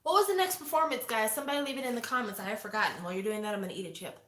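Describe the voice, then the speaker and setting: A woman in her forties chatting casually to viewers, opinionated and lively, acting out quotes as she reviews a show. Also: a little high, very fast. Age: 40s. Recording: echoey room.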